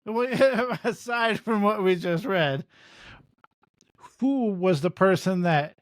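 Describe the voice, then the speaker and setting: A man co-hosting a podcast in casual chat, lively and laughing as he retells scenes in quoted voices. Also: high-pitched, takes it slowly, no room sound. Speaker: podcast co-host.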